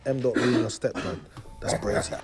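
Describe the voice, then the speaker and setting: A man from Africa hosting a casual talk show, speaking conversationally with quick asides and reading posts aloud. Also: medium pitch, over loud music. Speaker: host.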